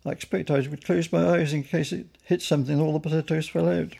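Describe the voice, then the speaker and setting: An earnest young bear with a gravelly, husky edge and a mellow tone, taking every remark at face value, as a man reads him out. He sounds polite and keen in a storybook reading. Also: fairly high pitch, fairly even intonation, quick pace, voice pushed up, exaggerated voice. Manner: earnest and literal-minded.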